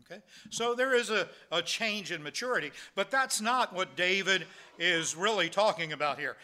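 A man's voice: sits high, animated, moderate pace, sharp tone. A man preaching a sermon in a conversational way, asking rhetorical questions and restarting his sentences. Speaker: pastor.

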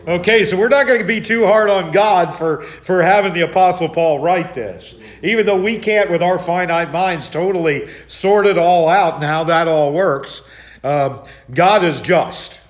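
An older man preaching a Bible study sermon, loud and animated, telling stories with many restarts. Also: high-pitched, unhurried. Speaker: pastor.

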